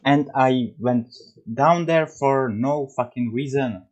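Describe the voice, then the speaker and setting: A man's voice: medium pitch, slow, lo-fi sound, soft background music. Exasperated man doing gaming commentary. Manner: exasperated, swears often. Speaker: gameplay commentator.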